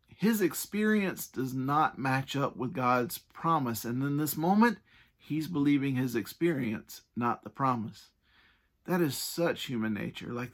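Earnest, conversational male preacher. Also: medium pitch. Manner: earnest and emphatic, with casual asides and restarts. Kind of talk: conversational sermon.

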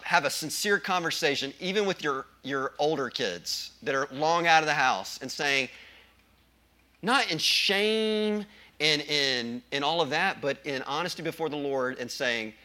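A man's voice: fairly high pitch, measured pace, bright, forceful tone. A male pastor preaching a sermon with emphasis, often asking the congregation questions.

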